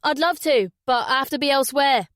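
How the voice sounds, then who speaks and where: A woman's voice: sits high, a little fast, no room sound, clean studio sound, voice pushed up, natural voice. A woman voicing a breezy, joking male friend in an audiobook. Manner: breezy, jokey.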